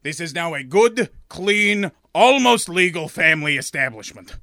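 A man's voice: fairly high pitch, expressive, measured pace, sharp tone, dry recording, studio quality. A man narrating a comedic story as a shopkeeper, in a prim, overly formal, mock-pompous way.

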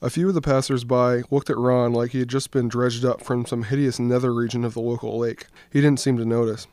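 A young man, a student, reading his own short story aloud in a steady, even storytelling voice. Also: mid-range voice, a little fast, no echo. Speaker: student reader.

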